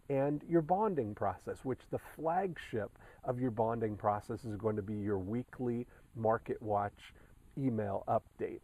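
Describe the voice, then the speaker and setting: A man talks his clients through their weekly tasks as a coach, laying out each step in order. His voice sits in a mellow, dark register at an ordinary middle pitch. He often pauses on fillers and restarts his phrases as he goes. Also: rough recording. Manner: instructive, methodical, repeats steps with frequent fillers. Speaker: sales coach. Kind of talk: recorded coaching update.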